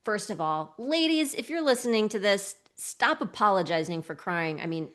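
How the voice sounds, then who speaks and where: A woman's voice: mid-range voice, expressive, normal speed, fairly bright tone. A woman co-hosting a casual podcast as a somatic coach, talking with emphatic enthusiasm and frequent laughs.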